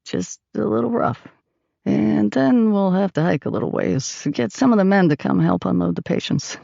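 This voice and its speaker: A woman voicing a cocky male wartime pilot who speaks in a low, steady, reassuring way. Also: moderate pace, creaky, dry recording, lo-fi sound.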